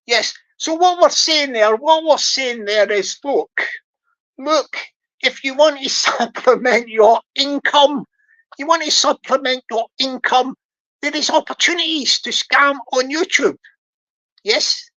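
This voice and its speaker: A woman's voice: high voice, measured pace, fairly bright tone, poor audio. A woman giving joking livestream commentary, rambling, repeating herself and laughing often. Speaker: livestream host.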